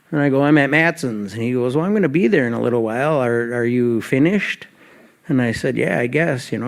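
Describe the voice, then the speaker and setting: A man's voice: medium pitch, vocal fry. A man giving a guest talk at a recovery meeting, telling his story in a conversational way and acting out remembered dialogue. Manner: conversational, acts out both sides of remembered dialogue.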